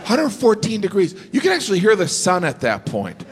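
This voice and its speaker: High, wildly animated stand-up comedian. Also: male voice, a little fast, over loud music. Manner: animated, bursts into shouted mock panic. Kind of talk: stand-up routine. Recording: live club recording with loud audience laughter, reverberant hall.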